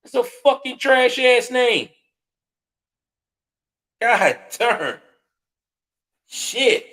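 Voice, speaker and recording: Host, male, high-pitched, profane and scornful ranting with sudden loud spikes. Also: expressive, drawn-out words. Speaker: commentary show host. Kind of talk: heated live reaction commentary.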